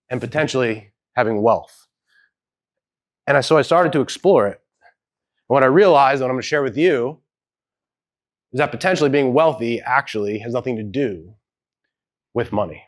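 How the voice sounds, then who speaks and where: Man telling a story on stage. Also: medium pitch. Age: adult with children. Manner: conversational, hedging, acts out quoted dialogue. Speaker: speaker at a live event. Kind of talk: storytelling keynote talk. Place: event hall with audience.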